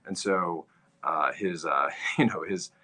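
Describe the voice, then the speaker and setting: Forceful low-voiced male commentator. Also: takes it slowly. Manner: emphatic, repeats phrases for stress. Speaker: political commentary host. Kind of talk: livestream commentary, history lecture.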